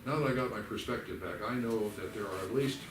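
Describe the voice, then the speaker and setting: This is workshop teaching from an older, low-voiced man in a church hall; he speaks quickly and animatedly in a folksy style, taking on the voices of characters in his anecdotes. The mic sits far away in a reverberant space, picking up faint ambience and a noisy background.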